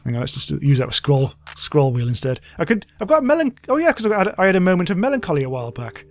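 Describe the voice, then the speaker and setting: A man's voice: high-pitched, huge pitch swings, fast, dry recording, faint music behind. A man giving casual, chatty gameplay commentary, reading game text aloud and laughing often. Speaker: let's play host.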